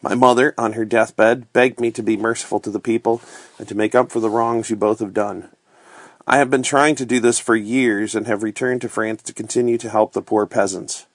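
A man reading aloud as an honorable young gentleman who speaks earnestly and formally. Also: lowish voice, steady tone, moderate pace, no echo.

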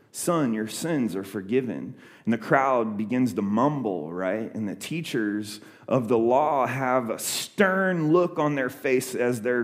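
A young man gives a sermon in an everyday speaking voice of middle pitch. He tells the story casually and conversationally, often restarting his sentences and filling pauses with small words. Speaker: pastor.

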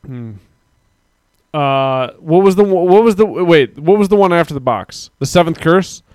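A man's voice: a little high, lively intonation, measured pace, darkish tone, clean tone, no echo. A man hosting a live stream, chatting casually and rambling as he reads out viewers' comments. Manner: rambling, talks to chat viewers, mock-quotes people. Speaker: podcast host.

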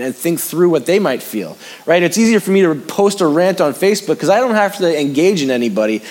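A man preaching a sermon in a conversational way, repeating phrases for emphasis and moving between raised, urgent lines and hushed, low ones. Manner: conversational preaching with sudden rises and hushed drops. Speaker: pastor.

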